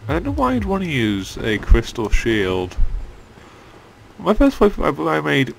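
Young man, gravelly voice, casual gameplay commentary, grumbles and swears, faint room hum. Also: on the high side, wildly swooping pitch, measured pace. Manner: grumbling, swears when annoyed. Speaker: gaming channel host. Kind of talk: casual let's-play commentary.

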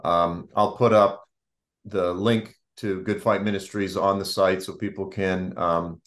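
A deep-voiced man from the Boston area hosts a casual Christian interview. He speaks in an earnest, soft-spoken way and thanks his guest warmly. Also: steady tone, a little slow. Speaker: host.

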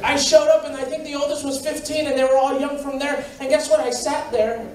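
A man preaching a sermon in a joking, animated way, often repeating his phrases. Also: very high-pitched, brisk, slight background noise. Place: church sanctuary. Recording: echoey church hall, mic far off.

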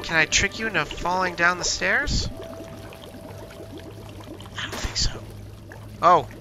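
A man's voice: high-pitched, slow pace, music in the background. A young man hosting a gaming channel, giving jumpy let's-play commentary and talking to himself and to the monsters chasing him.

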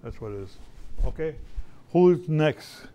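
A man's voice: a little high, expressive, slow pace, mellow, a little hiss or hum. An older man, an artist talking casually to schoolchildren in a folksy, storytelling way, often repeating his phrases. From Canada. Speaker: visiting artist.

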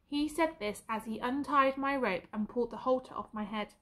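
A woman teacher reading a story aloud with an expressive, varied delivery. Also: on the high side, normal speed.

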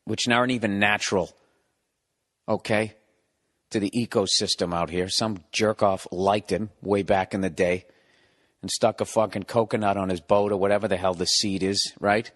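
This Boston-accented podcaster in his forties records indoors at home, swearing his way through sarcastic, animated rants in a rambling comic monologue. His lowish voice moves at a moderate pace, trailed by long reverb.

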